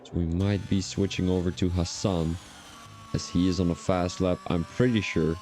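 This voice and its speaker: A man with a low, mellow voice calls a sim racing qualifying session in casual live-stream style. He chats loosely and wanders off into personal asides between updates on lap times. A faint hiss sits behind him. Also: little pitch movement, moderate pace. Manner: chatty, drifts into rambling personal asides. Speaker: sim racing league commentator.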